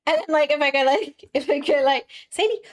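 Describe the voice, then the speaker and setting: High-voiced chatty Aussie woman. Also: level tone, brisk. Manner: chatty and giggly, lots of fillers. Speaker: streamer. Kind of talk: casual live-stream chat, reading chat aloud.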